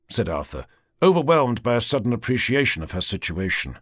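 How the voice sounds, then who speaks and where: A man narrating an audiobook in a measured, dramatic way. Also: mid-range voice, very animated, a bit bright, dry recording, clean studio sound.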